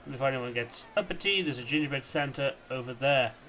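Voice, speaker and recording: A young man casually commenting on his own gameplay, rambling and chatty, with sudden silly shouts. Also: medium pitch, a little fast. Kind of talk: casual let's-play commentary.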